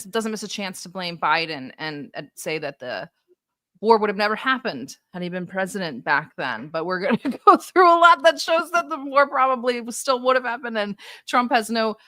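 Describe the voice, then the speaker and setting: Bright wry woman hosting a news stream. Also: mid-range voice, no room sound, clean studio sound. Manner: wry, laughs at own remarks, explanatory. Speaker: livestream news host. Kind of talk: casual political commentary.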